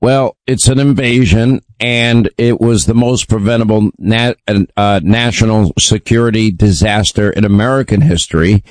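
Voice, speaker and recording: A man's voice: fairly low pitch, moderate pace, few pauses, no echo, low-quality recording. A man hosting a talk radio show and taking callers, speaking emphatically with frequent ums and uhs.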